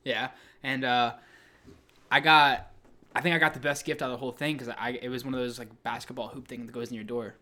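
A man co-hosting a casual chat, animated and teasing, who laughs often. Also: medium pitch, a little fast. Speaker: podcast co-host.

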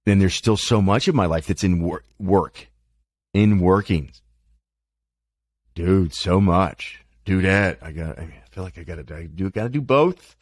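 A man's voice: low voice, normal speed, a little mellow, no room sound. A man talking candidly about his life in a rambling, self-deprecating monologue, cursing freely, his mouth dry. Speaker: podcast host.

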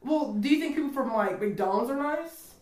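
A woman's voice: high voice, lively intonation, moderate pace, a crowd in the background. A woman co-hosting a casual podcast chat, talking animatedly, laughing often and acting out customers. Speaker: podcast co-host. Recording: echoey room.

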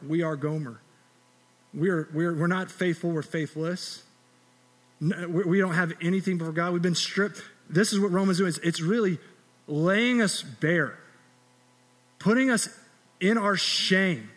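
A man preaching from the pulpit in a fairly high voice, earnest and conversational, stumbling over and repeating words as he presses his point. His voice rings through a hall with a long echo. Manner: drops to a soft, quiet tone in closing prayer. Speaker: pastor. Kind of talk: sermon.

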